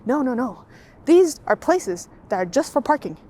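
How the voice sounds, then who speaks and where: A woman's voice: high voice, sing-song, normal speed, mellow. A woman hosting a video essay in a scripted voice-over, with a sarcastic, ranting manner.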